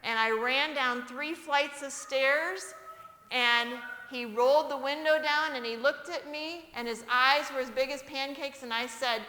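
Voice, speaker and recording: A woman's voice: sits high, a little slow, bright, forceful tone. A woman giving a sermon in a church, often asking the audience questions, in an echoey church hall. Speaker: church speaker.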